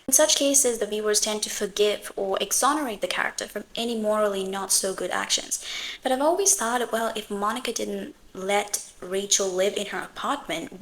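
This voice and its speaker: A woman's voice: medium pitch, fairly bright tone, a little hiss or hum, poor audio. Woman giving analytical commentary. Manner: analytical, measured explaining. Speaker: video essay host. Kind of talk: scripted commentary.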